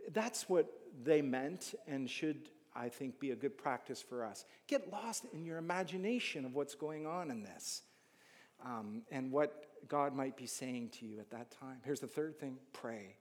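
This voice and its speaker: A man preaching a sermon in a lively, animated manner, jumping from loud emphatic rises to hushed asides. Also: mid-range voice, a little slow. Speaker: pastor. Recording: long hall reverb.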